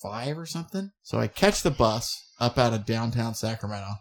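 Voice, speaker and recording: A man's voice: mid-range voice, animated, brisk, slight background noise. A man co-hosting a podcast, telling long rambling stories in crude, profane casual chat. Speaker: podcast co-host.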